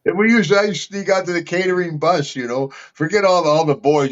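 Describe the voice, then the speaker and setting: A man's voice: on the high side, animated, a little fast. Older man telling rambling stories. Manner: rambling, laughs often between anecdotes. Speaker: interview guest, wrestler. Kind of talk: casual storytelling. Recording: slightly dull lo-fi sound.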